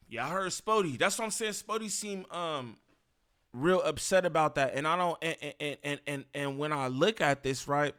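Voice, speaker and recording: A man's voice: mid-range voice, fairly bright tone, clean tone. A man giving casual reaction commentary, slangy and repetitive as he talks. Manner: casual, slangy, repeats himself.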